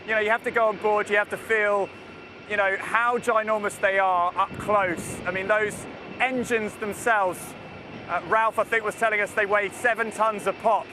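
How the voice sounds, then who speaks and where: A man reporting live from an airfield, talking enthusiastically and with excitement. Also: high-pitched, moderate pace. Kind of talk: live outdoor news report. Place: outdoors at a busy airfield. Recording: noisy outdoor live feed. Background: traffic noise.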